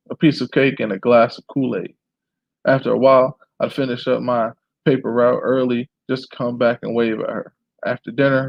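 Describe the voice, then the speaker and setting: A man of middle pitch reads a memoir aloud, stumbling now and then and clearing his throat. The sound is dull and muffled. It sits close and dry in a small room. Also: no echo. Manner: unpolished reading with small restarts and throat clearing.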